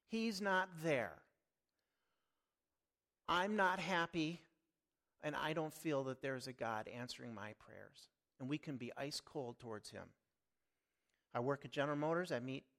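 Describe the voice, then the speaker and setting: A middle-aged man preaches in an earnest, deliberate way, letting his volume swell and fall. His voice sits a little high for a man, and it rises and dips widely as he leans into each point. He keeps an unhurried pace. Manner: earnest, slow and emphatic, with sudden swells and drops in volume. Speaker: lay preacher. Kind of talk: sermon.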